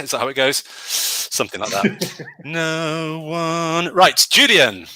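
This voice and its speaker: A man's voice: a little high, takes it slowly, sharp tone, no echo, low-quality recording. A man hosting an online pun competition, upbeat and joking as he runs the votes. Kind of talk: casual hosting.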